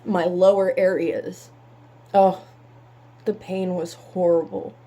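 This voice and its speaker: A woman telling a painful personal story in halting words, holding back tears. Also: lowish voice, level tone, mellow, slight background noise.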